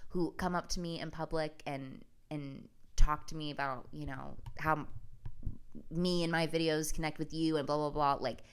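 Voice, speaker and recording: A young woman talks straight to her viewers in a casual storytelling vlog. Her voice sits low and sounds smooth and resonant. She is wry and profane and breaks into laughter as she goes. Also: a bit bright. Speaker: comedian and vlogger.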